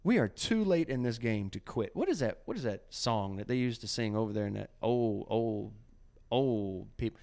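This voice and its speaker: A man hosting a casual faith podcast, talking in an animated, preachy way and often acting out quotes. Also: fairly low pitch, normal speed. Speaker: podcast host.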